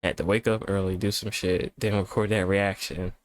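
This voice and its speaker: A man's voice: low voice, level tone, normal speed. A young man hosting a casual reaction video, rambling and profane, tired from staying up. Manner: rambling, profane, laid-back. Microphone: webcam setup at home.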